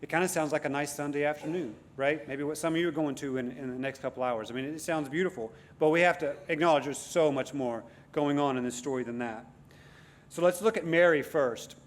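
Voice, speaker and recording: A man's voice: fairly high pitch, fairly quick, slight background noise. A man preaching a sermon to a congregation in a conversational, self-deprecating way, with frequent restarts and fillers. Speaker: guest preacher.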